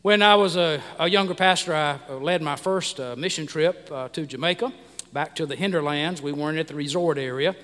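A middle-aged American pastor preaches in a somewhat high voice, pausing often on fillers and restarting his phrases. His words ring out with the long reverb of a large hall. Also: fairly bright tone. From United States. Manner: halting, many "uh" fillers and restarts. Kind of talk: sermon.

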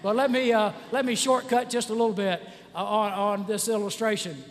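High-voiced pastor in a reverberant church. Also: male voice, flat delivery, a little fast. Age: 60s. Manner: conversational, frequent "uh" fillers and restarts. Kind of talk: sermon. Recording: church hall with long reverb.

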